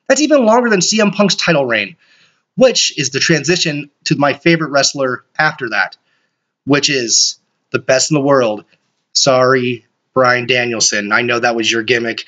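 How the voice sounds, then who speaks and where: A man hosting a solo podcast, rambling excitably and swearing often. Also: fairly high pitch. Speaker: podcast host. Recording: dull lo-fi recording.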